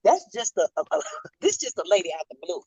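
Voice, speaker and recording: A woman's voice: on the low side, sing-song, a little fast, a little mellow, husky, no echo. Heated, emphatic woman talk-show host. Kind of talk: casual chat. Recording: dry, dull lo-fi audio.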